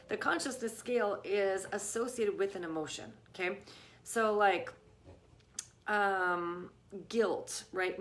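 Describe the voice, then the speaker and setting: A middle-aged woman with a medium-pitched, fairly bright voice vlogs casually from home on a live stream, a dog nearby. Picked up by a phone or camera, she's chatty and full of fillers like "you guys" and "right?".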